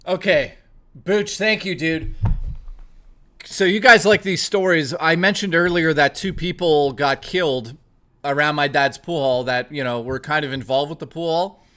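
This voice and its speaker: A man's voice: fairly high pitch, unhurried, a bit bright. A man streaming live, telling a story in a rambling, profane, casual way while thanking his viewers. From Toronto, Canada.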